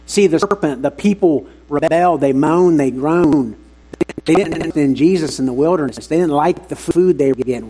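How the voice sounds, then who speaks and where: Man, preacher, husky, fairly high-pitched, earnest, emphatic sermon. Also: moderate pace, a little mellow, rough recording.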